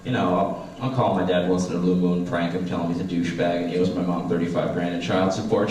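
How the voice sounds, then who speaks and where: A man's voice: low-pitched, lively intonation, quick pace, a little mellow. A man in his twenties doing a profane, self-deprecating stand-up comedy set. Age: 20s. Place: small stage at a comedy class show. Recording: echoey room, mic far off.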